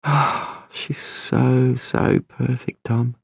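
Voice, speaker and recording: Man voicing a softly cooing young wife. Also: low-pitched, moderate pace, creaky, breathy edge, no room sound, clean studio sound, exaggerated voice. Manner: soft, cooing, crooning. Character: tender young wife cooing over a baby. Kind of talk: audiobook narration.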